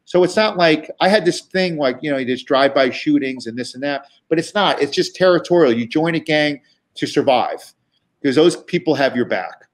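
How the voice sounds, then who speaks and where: A guest comedian from New York with a voice on the high side tells tour stories at normal speed. His casual storytelling is chatty and profane, full of restarts and fillers.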